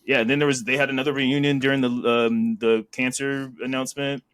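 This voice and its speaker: A man chatting casually on a wrestling podcast, rambling as he retells what happened. He laughs often and slips into animated retellings of what others said. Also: medium pitch, fairly quick, clear, resonant tone. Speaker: podcast co-host. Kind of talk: casual wrestling recap chat.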